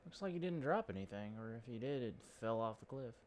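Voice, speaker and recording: A man's voice: mid-range voice, expressive, fast, a little mellow, a little hiss or hum. A man casually commenting while he plays a video game, chatty and rambling, joking about himself. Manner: chatty, rambling, self-deprecating. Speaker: gaming channel host. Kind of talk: casual let's-play commentary.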